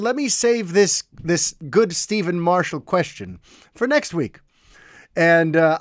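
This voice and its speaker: Podcast host, male, fairly high voice, enthusiastic and chatty, dry close sound. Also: no room sound. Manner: enthusiastic, chatty, with fillers and restarts. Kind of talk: casual commentary.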